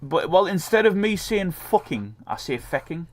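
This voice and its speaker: A man's voice: high-pitched, big pitch swings, normal speed. A man co-hosting a casual gaming chat, swearing freely and laughing often. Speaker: podcast co-host.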